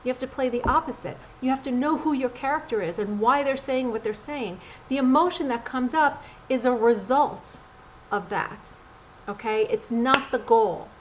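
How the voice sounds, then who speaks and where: Speaking directly to the listener, this middle-aged woman, a casting director in Los Angeles, gives actors casual, blunt, animated tips. The recording is rough with a faint hum behind her, and her slightly high voice keeps a moderate pace.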